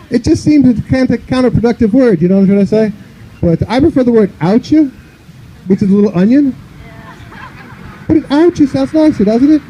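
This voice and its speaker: A man's voice: extremely high pitch, animated, moderate pace, warm tone, slight background noise, low-quality recording. A man from the northern United States doing a loose, rambling stand-up comedy set on an outdoor park stage, filling his talk with "you know".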